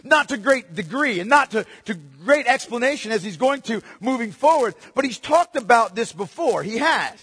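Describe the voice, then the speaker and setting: A male pastor preaching a sermon, emphatic and repetitive, swinging from soft to loud. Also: very high voice, animated, normal speed, hardly any pauses, husky. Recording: long hall reverb.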